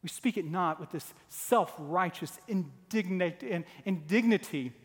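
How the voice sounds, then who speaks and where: A man in his forties delivers a sermon with a notably high voice, earnest and building toward emphatic, repeated lines. His words ring out with a long reverb, as in a church sanctuary. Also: a little slow. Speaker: pastor.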